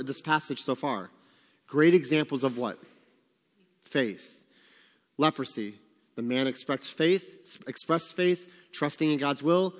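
A man leading a Bible study, teaching in a conversational way and asking the group questions. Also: a little high. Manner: conversational, asks the room questions. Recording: long hall reverb.

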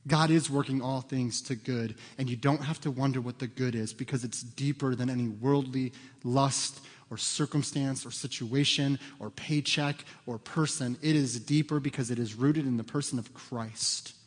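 A man preaches in a church sanctuary, then moves into prayer. His voice sits in a middle pitch and builds to loud, earnest peaks before dropping soft. A long hall reverb trails every phrase. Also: steady tone, moderate pace, hardly any pauses. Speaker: pastor. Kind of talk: sermon and closing prayer.

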